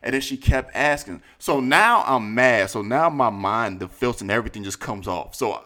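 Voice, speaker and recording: A man hosting a podcast, telling a story in a casual, profane, animated way and acting out quotes in high voices. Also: normal speed. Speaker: podcast host.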